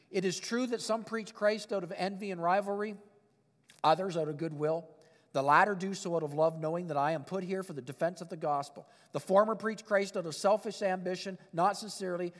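Reading passages of scripture and then commenting on them, a pastor delivers an expressive sermon and chuckles at his own points. He has a high voice for a man, and the audio rings with long reverb like a big sanctuary.

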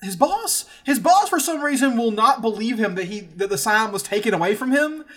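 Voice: mid-range voice, animated, fairly quick. Wry, sardonic podcast co-host. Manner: wry, swears casually, sardonic asides. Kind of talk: casual film recap chat.

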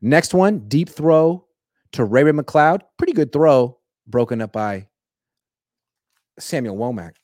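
A man giving casual, jokey sports commentary with quick, animated asides. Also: mid-range voice, no echo, clean studio sound.

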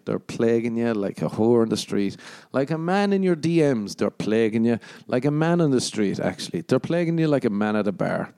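A man's voice: mid-range voice, vocal fry, mellow. A young Irish man hosting a solo podcast, rambling crudely and sarcastically and slipping into mock voices. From Ireland. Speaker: podcast host.

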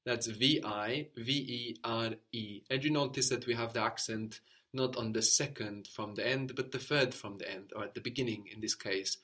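A man's voice: medium pitch, fairly even intonation, normal speed, pushed and bright. Male tutor, patient and encouraging, guides a learner through drills. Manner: patient, encouraging, spells words out. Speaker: language teacher. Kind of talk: guided language lesson.

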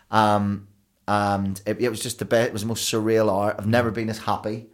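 A man, a broadcaster and DJ guest telling rambling, animated stories in a casual podcast chat. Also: lowish voice, fairly quick. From Belfast, Northern Ireland. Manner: rambling, animated storytelling with restarts.

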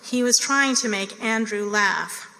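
A woman reading the narration of a play at a steady, measured pace. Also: medium pitch. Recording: reverberant hall.

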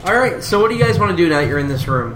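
Man, game master, halting fillers, echoey room, faint ambience. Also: high voice, sing-song, a bit bright, a little hiss or hum. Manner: halting, filler-heavy, quick rulings. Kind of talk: narrating a tabletop game.

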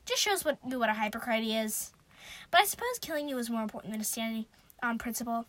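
A woman's voice: fairly high pitch, expressive, fast talker, fairly bright tone. A woman voicing a bored, boastful ancient male god with an offhand drawl. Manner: offhand, drawling, self-satisfied.

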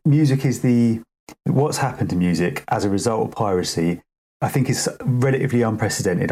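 Fast-talking husky man, heated. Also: on the low side, a little mellow. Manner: heated, swearing, acts out quoted people. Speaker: podcast co-host, music producer. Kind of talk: casual podcast debate.

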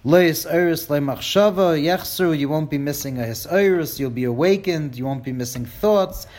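A man's voice: fairly high pitch, moderate pace, darkish tone. Man reading and translating a Hebrew text. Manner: reads Hebrew lines then translates them line by line, dramatic; wry, jokes with listeners. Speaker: Torah teacher.

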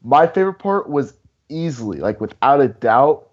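Excitable guy in a movie chat, voice jumps all over, muffled audio with a bit of hiss. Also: medium pitch, normal speed, husky. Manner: excitable, short reactions. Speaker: movie review co-host. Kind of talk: casual chat.

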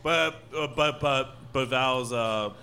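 A man, co-owner of a brewery, chatting casually on a podcast with lots of restarts and animated retellings. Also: mid-range voice, slow, vocal fry. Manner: rambling, many restarts, animated when retelling stories.

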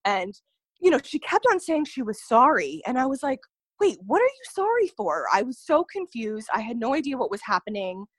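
A woman's voice: on the high side, lively intonation, a little fast, no echo. Chatty woman with a dry close sound. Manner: earnest, filler-heavy telling, often says "like" and "you know". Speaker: podcast guest. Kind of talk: personal storytelling in an interview.

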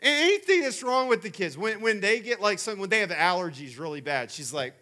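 A man in his forties giving a sermon as a camp speaker, telling stories in an animated, chatty way. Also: sits high, fast talker, hardly any pauses.

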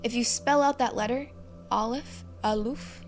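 A woman preaching a reflective sermon, teaching through questions and lists and dropping to a hushed tone at key phrases. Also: on the high side, unhurried, soft background music.

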